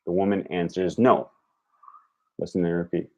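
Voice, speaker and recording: A young man streams live in a relaxed, unhurried way, his voice low and mellow. He repeats practice phrases aloud and chats with viewers between them. He corrects his own slips as he goes. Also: highs cut off. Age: young adult. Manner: laughs at own jokes, self-correcting. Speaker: language learning streamer. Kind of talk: casual live stream chat.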